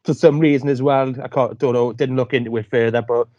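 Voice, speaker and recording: An easygoing man speaks casually at a middle pitch and calls people mate. He laughs along with the others. The call audio is dry and a little muffled. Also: steady tone, a little fast, dark tone, no room sound. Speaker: podcast co-host. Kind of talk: casual chat. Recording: dry, slightly dull remote call audio.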